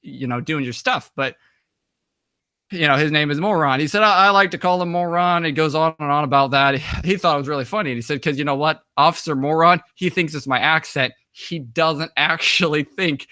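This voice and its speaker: Recorded in clean studio sound with no echo, a young American interview guest with an American accent tells a long, casual story a little fast in a slightly high, sharp voice. He rambles, uses plenty of fillers, and performs the dialogue he quotes.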